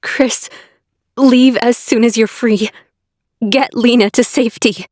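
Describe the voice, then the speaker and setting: A man's voice: high voice, unhurried, no room sound, studio quality, voice pushed up. A male narrator voicing a fierce, protective young female angel who speaks in raised, urgent tones.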